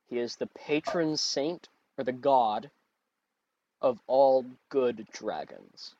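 A man's voice: mid-range voice, takes it slowly, warm tone, lo-fi sound. A man running a tabletop game as game master, narrating scenes and patiently explaining rules, correcting himself as he goes.

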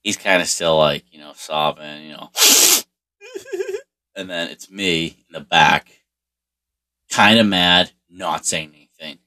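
A man's voice: low-pitched, steady tone, measured pace, pushed and bright. A middle-aged man telling a personal story in a rambling, profane way, full of restarts and fillers. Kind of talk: casual storytelling monologue.

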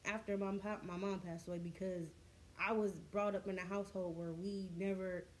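Young woman, blunt and wry, mid-pitched casual talker. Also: flat delivery, moderate pace. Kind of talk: casual group chat.

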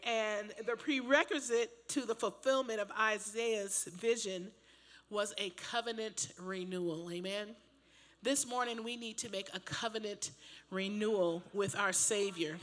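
An older woman pastor preaching a sermon, telling a personal story in a chatty, animated way with laughs and asides. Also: mid-range voice, measured pace. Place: church.

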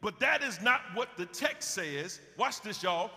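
An impassioned male pastor preaches in a high, bright voice, taking his time over every phrase. He repeats words as he builds and calls out to the congregation. His voice rings through a hall with a long reverb. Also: lively intonation, unhurried, gravelly. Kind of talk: sermon. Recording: reverberant hall sound, live stream.

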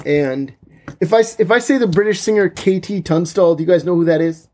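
A man's voice: high-pitched, fairly quick, dark tone. A man co-hosting a podcast in casual chat, joking and slipping into silly voices. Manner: jokey, breaks into silly voices. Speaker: podcast co-host.

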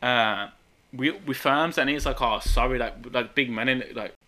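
A young man with a Birmingham accent telling a story in animated, slangy casual chat, often laughing. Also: medium pitch, moderate pace. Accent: Birmingham English. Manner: animated, laughing, street slang, frequent tag questions. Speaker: guest storyteller.

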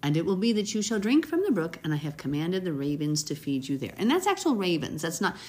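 Breathy woman reading and musing on scripture. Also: on the low side, very animated, fast. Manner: warm, chatty, reads scripture with brief emotive asides. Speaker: Bible teacher. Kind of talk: casual Bible reading and commentary.

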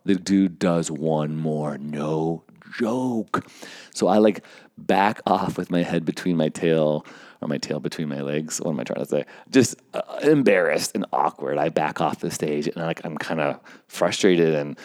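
Recorded dry with studio quality, this man speaks in a low, slightly mellow voice at a moderate pace. He tells a loose, meandering story about stage-managing events, full of filler words and acted-out quotes.

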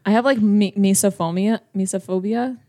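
A young woman hosts a casual podcast, talking with a friend in a loose, chatty way and dropping swear words into her stories. Her voice sits mid-pitch and sounds close and dry, with no room around it. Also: moderate pace, mellow, dry recording. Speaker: podcast co-host. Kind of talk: casual chat.

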